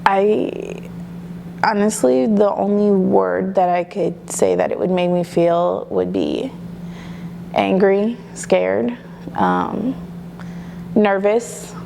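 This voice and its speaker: A woman's voice: medium pitch, lively intonation, slow, creaky, warm tone, slight background noise. A young adult woman, a mother, talking candidly in a casual interview, with many fillers. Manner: chatty and candid, many "you know" and "like" fillers.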